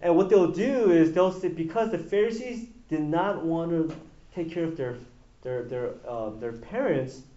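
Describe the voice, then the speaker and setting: A man preaching a sermon in an animated way, asking the audience questions as he goes. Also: a little high, dull audio.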